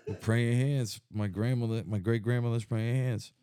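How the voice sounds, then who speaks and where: A man's voice: mid-range voice, steady tone, normal speed, dark tone. A young man chatting casually as a podcast co-host, rambling, swearing and laughing often. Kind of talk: casual chat.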